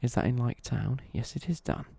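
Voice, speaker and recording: A young man talks through a live stream at home, rambling and self-correcting as he answers viewers. His voice is mellow, dark and edged with gravel. The sound is dry and close. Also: medium pitch, moderate pace, dry recording. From East Midlands, England.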